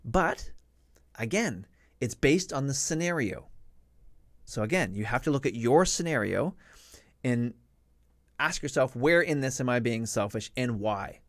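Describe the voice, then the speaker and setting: A middle-aged man from Canada telling a story casually on a live stream, acting out shouted quotes in a raised voice. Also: medium pitch, expressive, measured pace, pauses often, no room sound, clean studio sound.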